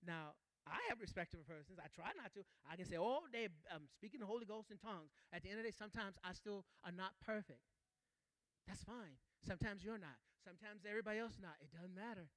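High bright preacher guy, aave, gets loud and repeats himself, dry sound. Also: no echo. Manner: rising to shouts, repeats phrases, calls out to the congregation. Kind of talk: sermon.

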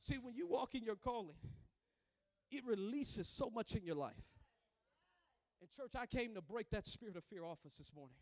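A man's voice: sits high, lively intonation, normal speed, darkish tone, no room sound. A man preaching a sermon as pastor, calling for responses from the congregation and often repeating words and restarting lines as he goes.

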